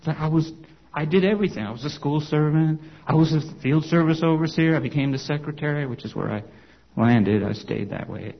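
A man's voice: on the high side, a little fast, gravelly, highs cut off. A man, a former congregation elder, telling his personal testimony to an audience in a conversational storytelling way, full of "you know" and "okay?" asides.

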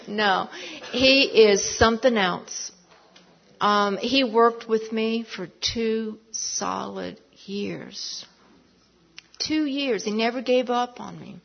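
A woman's voice: a little high, takes it slowly, creaky. A woman giving a personal testimony at church, telling her story emphatically and sometimes dropping to a whisper. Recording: dull lo-fi recording.

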